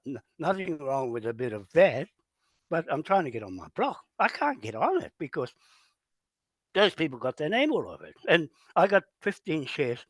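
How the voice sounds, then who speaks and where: A man's voice: a little high, no echo. A man hosting a meeting, telling his story with animation and indignation. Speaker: meeting host. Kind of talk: casual meeting talk. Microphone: phone or camera held close, turned to show the room.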